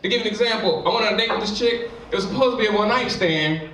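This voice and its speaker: A man's voice: sits high, rapid-fire, sharp tone, a little hiss or hum. A man doing a stand-up comedy set in a live venue, talking in a loose, chatty way. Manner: loose, chatty delivery full of "you know what I'm saying". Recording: echoey live room, distant mic, crowd.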